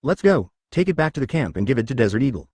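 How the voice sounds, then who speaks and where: Lively male narrator voice, dry sound. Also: medium pitch, quick pace, breathy edge, no room sound. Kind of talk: scripted narration.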